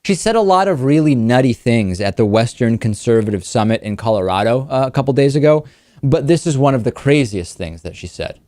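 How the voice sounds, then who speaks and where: Guy hosting a political talk show, wry, trips over words sometimes, mellow and dry. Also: mid-range voice, lively intonation, no echo. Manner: wry, quick, many restarts. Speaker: host.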